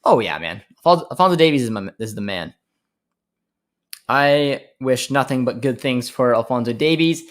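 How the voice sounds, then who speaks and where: Casual young Canadian stream host. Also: male voice, medium pitch, expressive, moderate pace. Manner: reads viewer comments aloud and answers them, laughing often. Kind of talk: casual live-stream chat.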